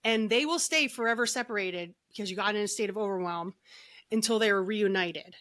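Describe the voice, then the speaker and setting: A woman's voice: medium pitch, a little fast, a bit bright. A middle-aged woman, a guest on a podcast, telling her story in a chatty way, full of "like" and restarts. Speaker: guest, energy healer and author. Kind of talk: casual podcast interview storytelling.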